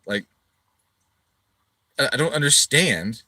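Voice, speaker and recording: A middle-aged man telling a story casually to camera, swearing freely and acting out his own quoted replies loudly. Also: on the high side, very animated, a little slow, pauses often, no room sound. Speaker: tuning shop owner.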